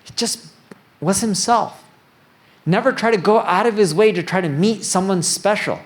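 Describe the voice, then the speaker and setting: A man delivers a conference keynote to an audience in a high-pitched voice at a normal speed. His manner is joking, plain-spoken, slightly nerdy, and self-deprecating.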